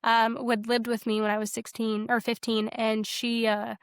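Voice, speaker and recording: A young woman casually telling her faith story in a podcast, animated and quick to act out what people said, with lots of "like". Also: a little high, clean tone, no room sound, studio quality. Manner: animated, quotes herself and others in dialogue, frequent "like". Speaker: podcast guest sharing her testimony.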